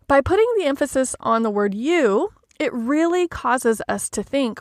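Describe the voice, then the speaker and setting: A woman hosting a solo coaching podcast, talking in a gentle, measured, reflective way. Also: high-pitched, animated, dry recording, clean studio sound. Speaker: life coach podcast host.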